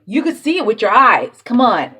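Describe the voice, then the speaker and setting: A woman's voice: on the high side, big pitch swings, normal speed, sharp tone, breathy edge. A woman talking casually and with feeling about faith, swearing freely and laughing between thoughts. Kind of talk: casual spiritual monologue.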